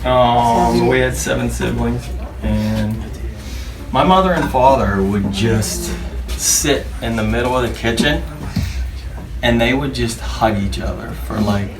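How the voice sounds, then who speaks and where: A man's voice: medium pitch, measured pace, over music. A middle-aged man giving a casual wedding speech as the father, telling stories with baseball references. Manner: storytelling with baseball references, animated impressions. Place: wedding reception room. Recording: roomy distant mic, noisy reception hall.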